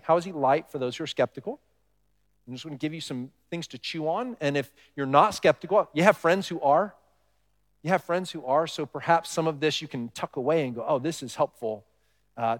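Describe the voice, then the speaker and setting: Man preaching in a reverberant hall. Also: a little high. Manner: conversational, asks the congregation questions. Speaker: pastor. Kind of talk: sermon. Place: church hall with congregation. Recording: long reverb of a large hall.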